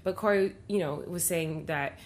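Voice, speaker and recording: A woman's voice: fairly low pitch, normal speed. Chatty young woman telling a story. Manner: chatty, heavy use of "like", animated retelling. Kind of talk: casual storytelling chat.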